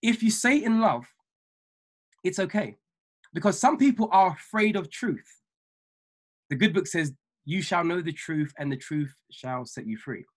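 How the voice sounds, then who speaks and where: A man with a husky, slightly breathy voice preaches over a video call. He speaks emphatically as a minister and mentor, repeating key lines slowly so listeners can take notes. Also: high voice, expressive. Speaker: ordained minister and trading mentor. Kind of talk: motivational talk on a weekly call.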